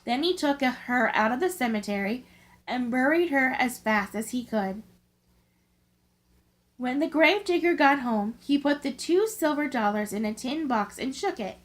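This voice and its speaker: A woman reading scary stories aloud from a book in a slow, careful storytelling way. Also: high voice, animated, low-quality recording. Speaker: channel host, story reader.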